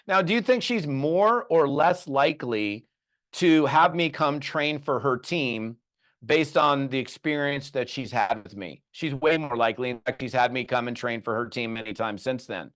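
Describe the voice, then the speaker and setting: An animated middle-aged man coaching network marketers. He tells stories and acts out both sides of quick conversations, with a voice pitched in the middle for a man. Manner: lively storytelling with acted-out dialogue. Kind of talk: animated training talk.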